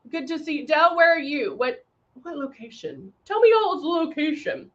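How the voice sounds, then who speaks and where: A woman hosting a live makeup tutorial, chatting casually with viewers and filling pauses with frequent ums. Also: high-pitched, very animated, lo-fi sound. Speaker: makeup livestream host.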